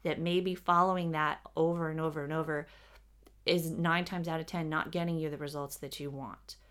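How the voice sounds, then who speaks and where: A woman channeling spiritual teaching, speaking as a collective "we" in a measured, explanatory way. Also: deep voice, fairly even intonation, clear, resonant tone.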